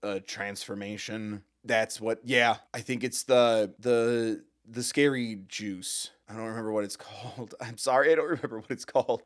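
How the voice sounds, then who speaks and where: A man's voice: lowish voice, fairly even intonation, normal speed. A man hosting a music reaction video, talking in an emotional, rambling way with stammered restarts and frequent swearing. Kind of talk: casual reaction commentary.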